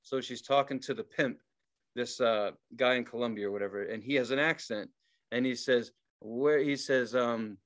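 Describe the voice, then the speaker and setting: A man co-hosting a podcast, telling stories in casual chat, laughing often and yelling out quoted lines. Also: mid-range voice, moderate pace. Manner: animated storyteller, laughs and yells quoted lines. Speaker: podcast co-host.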